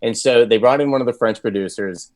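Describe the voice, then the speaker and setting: A man's voice: medium pitch, brisk, no echo. A male voice actor as an interview guest, chatting casually and telling a long story with many restarts. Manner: rambling storyteller with frequent restarts and laughs.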